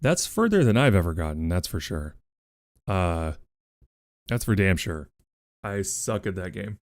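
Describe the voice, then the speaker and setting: A man's voice: deep voice, very animated, a little slow, no echo. A male streamer in casual livestream chat, playful and casually swearing, cooing at his pets while he talks to viewers on a close desk mic.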